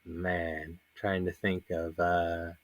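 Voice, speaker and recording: Very slow and completely flat, this low-pitched male voice belongs to a panel host in his thirties, heard with no echo. Despite the monotone, he tells rambling, filler-laden stories in a casual chat and laughs frequently.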